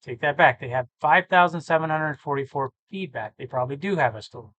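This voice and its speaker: A tired man who talks casually and thinks out loud, rambling and correcting himself as he works through reseller listings. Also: a little high, fairly quick, dry recording, muffled recording. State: tired, yawning. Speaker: eBay reseller vlogger. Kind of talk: casual screen-share commentary.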